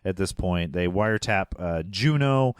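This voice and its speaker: Guy with a lowish voice recapping a movie on a podcast, rambly, dry close mic. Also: lively intonation, measured pace, smooth, dry recording. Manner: rambling, laughs into lines, trails off. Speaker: podcast co-host. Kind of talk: casual movie recap chat.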